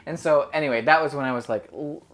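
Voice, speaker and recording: A man's voice: fairly high pitch, fast. A young man chatting casually, telling a story full of "like" and acted-out quotes. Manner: animated storyteller, heavy filler "like", acts out quotes. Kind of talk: casual chat.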